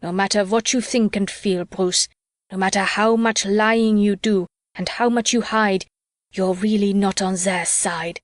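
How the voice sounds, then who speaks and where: A woman's voice: medium pitch, fairly even intonation, a little slow, no room sound, studio quality, lightly acted. A woman voicing a bitter, ranting drunk male soldier with a scornful, sneering delivery in an audiobook. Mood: pleading. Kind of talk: audiobook character reading.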